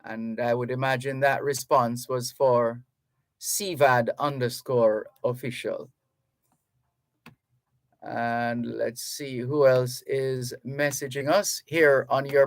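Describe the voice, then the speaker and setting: A man's voice: mid-range voice, no echo. A man from Jamaica hosting a radio talk show in a studio, chatting to listeners and reading out their messages. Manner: slow, chatty, reads listener messages aloud. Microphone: studio microphone.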